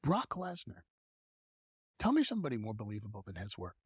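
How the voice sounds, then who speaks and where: A man talking as a guest in a podcast conversation, animated and repeating words as he restarts his thoughts. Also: on the low side, a little fast, breathy edge, dry recording, clean studio sound. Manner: animated, stumbling restarts, stretches words for emphasis. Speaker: wrestling manager guest.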